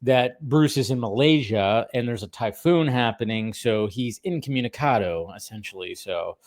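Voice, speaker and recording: A man's voice: mid-range voice, moderate pace. A man in his thirties, rambling casually as he recaps a cartoon episode, laughing often and restarting his sentences. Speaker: podcast co-host.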